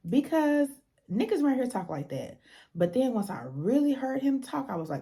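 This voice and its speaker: A woman's voice: high-pitched, sing-song, normal speed, dark tone. A young woman giving a casual, blunt and profane recap of a reality show, acting out the people she quotes.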